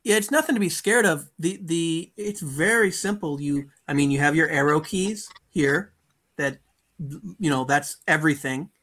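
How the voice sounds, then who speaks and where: Co-host, male, bright and slightly higher voice, chatty explainer on a video call. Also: normal speed. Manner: explains gear with many restarts and fillers. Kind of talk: casual chat.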